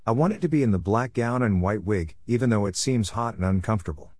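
Male narrator, low voice, reflective and wry, first-person story reading, dry close sound. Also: lively intonation, brisk, darkish tone, no echo.

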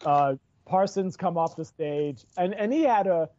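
A man's voice: high-pitched, a little slow, mellow. A man, a stand-up comedian, chatting casually and telling a rambling story full of restarts. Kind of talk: casual chat. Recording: dull dry lo-fi recording.

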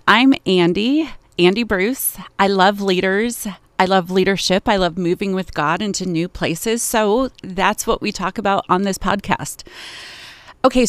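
A middle-aged woman hosting a faith podcast, chatty and quick to laugh at herself. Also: mid-range voice, dry recording. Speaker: podcast host. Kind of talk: casual faith podcast chat.

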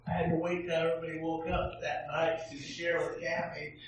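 A man's voice: a little high, little pitch movement, brisk, recorded from a distance, slight background noise. A middle-aged male pastor telling a candid, self-deprecating personal story as a sermon in a church. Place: church sanctuary. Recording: echoey church, heard from afar.

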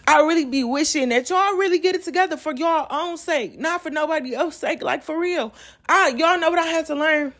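A woman's voice: high-pitched, normal speed, fairly bright tone. A woman hosting a podcast, ranting casually and bluntly with lots of profanity, acting out what other people say. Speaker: podcast host. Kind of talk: casual rant.

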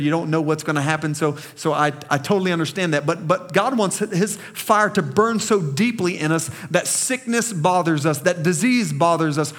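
A man's voice: high-pitched, fairly bright tone. A man preaching a sermon as pastor to a small congregation in a church, emphatic and impassioned, calling out to the people.

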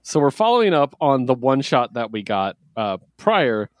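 Man, podcast co-host, lively pitch, dry close mic, casual chat. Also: normal speed, no echo. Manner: animated, acts out quotes, laughs often. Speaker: comic review podcast co-host.

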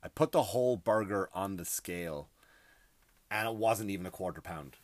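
A middle-aged host ranting about everyday hassles in an exasperated, profane, emphatic way. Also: male voice, deep voice, moderate pace, no echo. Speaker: podcast host. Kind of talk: comedic rant.

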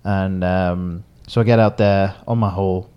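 Young male podcast co-host, lowish voice, rambling and giggly storyteller. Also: steady tone, moderate pace, clear, resonant tone, dull audio. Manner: rambling, laughs often, acts out quotes. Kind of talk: casual storytelling chat.

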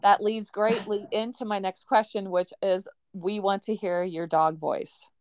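A woman's voice: mid-range voice, steady tone, a little slow, darkish tone, no room sound. A woman hosting a podcast, chatting casually, asking her guest questions and laughing often. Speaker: podcast host. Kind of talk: casual interview chat.

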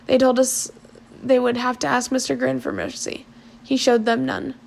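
A man's voice: very high-pitched, completely flat delivery, normal speed, creaky, heavily acted. Stern old island chief, read by a woman. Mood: grave.

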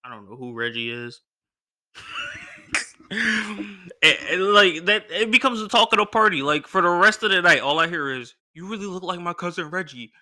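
A young man from Philadelphia tells a personal story in a loose, chatty way and acts out every quote. His voice is very bright and sits a little high. He keeps the energy up as he talks. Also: animated, normal speed, pauses often. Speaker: podcast host. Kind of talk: casual storytelling monologue.

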